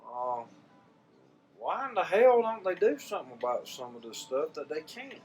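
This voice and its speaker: An older man with a Southern US drawl talks straight to his viewers in a folksy, rambling way, stumbling over and repeating words as he goes. His voice sits a little high for a man, and a faint hiss of noise runs under the recording. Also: very animated, normal speed, rough recording. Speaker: vlogger. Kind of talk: casual heartfelt talk to camera.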